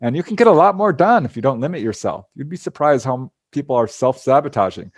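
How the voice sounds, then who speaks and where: A man's voice: medium pitch, lively intonation, quick pace, hardly any pauses, no room sound, clean studio sound. Earnest man recounting spiritual experiences. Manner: earnest storytelling, laughs often. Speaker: guest speaker. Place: home. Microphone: video call.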